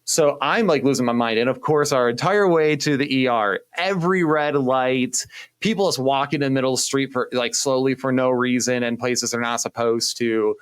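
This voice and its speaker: A young man, a youth pastor, casually telling a personal story with animated, self-deprecating humor and acted-out quotes. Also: medium pitch, normal speed, clear, resonant tone, no room sound. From Indiana, US. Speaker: youth pastor, podcast co-host.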